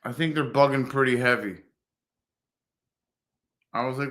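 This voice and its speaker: A man's voice: mid-range voice, steady tone, normal speed, pauses often, fairly bright tone. A man in his fifties chatting casually on a livestream, rambling and swearing, mimicking other people in a raised voice. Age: 50s. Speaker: motovlogger livestreaming to viewers.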